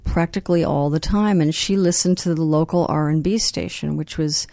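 Older woman guest, lowish voice, playful anecdotes, mock accents, dry close mic. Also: normal speed, vocal fry, dark tone, dry recording. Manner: storytelling, playful, drops into mock British accents. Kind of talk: casual podcast chat.

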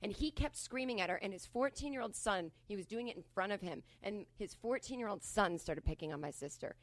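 A woman telling a story in casual chat, animated and swearing, acting out quotes loudly. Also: medium pitch, brisk, no echo. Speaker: podcast guest.

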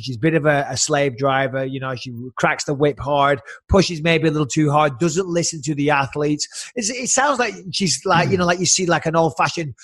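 A man's voice: a little high, dry recording. A man co-hosting a podcast, telling profane stories in casual chat. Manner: profane, animated storyteller. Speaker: podcast co-host.

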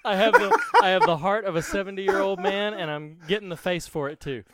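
A man's voice: high voice, lively intonation, fairly quick, very noisy. A man co-hosting a podcast in casual chat, laughing often and telling jokes. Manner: laughs often, tells jokes with put-on voices. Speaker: podcast co-host.

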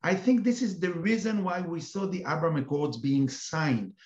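A man's voice: on the high side, moderate pace, darkish tone. A man with an Israeli accent, an expert guest in an interview, explaining at length with many hesitant fillers. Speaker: counter-terrorism expert guest. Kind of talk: interview, telling an anecdote. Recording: echoey, dull remote audio.

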